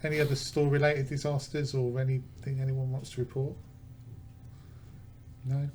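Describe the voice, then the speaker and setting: A man hosting a casual podcast, dry and self-mocking, often halting mid-sentence. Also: mid-range voice, level tone, darkish tone. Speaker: podcast host. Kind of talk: casual pub chat. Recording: faint background noise.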